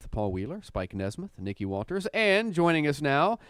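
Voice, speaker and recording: A man hosting a morning radio show, tossing out quick jokes and casual banter. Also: fairly high pitch, sing-song, a bit bright, clean tone, no room sound.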